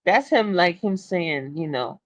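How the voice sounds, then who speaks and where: A woman's voice: on the low side, lively intonation, a little slow. A woman co-hosting a casual online chat, teasing and giggly.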